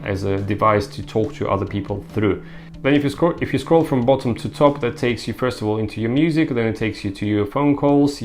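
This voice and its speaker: Man casually demoing a gadget. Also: on the low side. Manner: explains step by step, many fillers like uh and um. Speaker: tech reviewer. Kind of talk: casual product demo.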